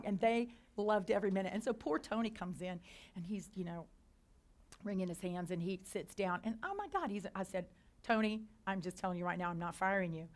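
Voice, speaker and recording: A middle-aged woman, a company founder and CEO, telling anecdotes to a business audience, chatty with quick restarts and quoted dialogue. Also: medium pitch. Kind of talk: storytelling talk to a business audience. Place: lecture hall.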